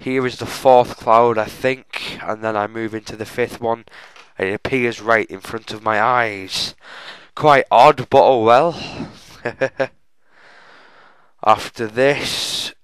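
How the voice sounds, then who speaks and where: A young gaming channel host gives chatty, self-mocking walkthrough commentary on a game, often calling viewers "folks." His mid-range voice is slow, fairly even, and fairly bright, with a clean tone and no room sound, though the recording is rough.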